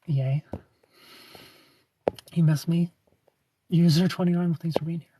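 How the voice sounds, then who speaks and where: A man's voice: fairly high pitch, fairly even intonation, a little slow, noisy background. Playful Southern US man hosting a livestream. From United States. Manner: playful, teasing, greets viewers by name. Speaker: livestream host. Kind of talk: casual chat with live viewers.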